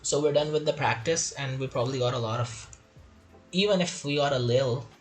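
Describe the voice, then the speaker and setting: A man's voice: medium pitch, a little fast, soft background music. A man giving casual, chatty gameplay commentary while playing through a game tutorial and reading its tips aloud.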